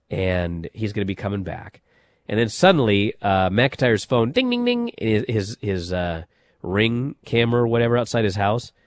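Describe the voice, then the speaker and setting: A man hosting a casual wrestling chat, telling stories in an animated way with many fillers and restarts. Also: on the low side, no room sound, clean studio sound. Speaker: wrestling podcast host.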